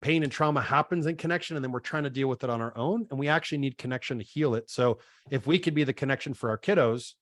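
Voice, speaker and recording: A man's voice: medium pitch, quick pace, hardly any pauses, dry recording. Guy on a podcast, thoughtful explainer, mid voice, dry close sound. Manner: thoughtful, explains ideas on family connection. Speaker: podcast guest. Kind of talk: casual podcast conversation.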